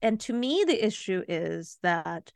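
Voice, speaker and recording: A woman's voice: medium pitch, very animated, a little slow, creaky, dry recording, studio quality. A woman co-hosting a podcast in casual chat, telling a rambling story in an agreeable, chatty way. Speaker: podcast co-host.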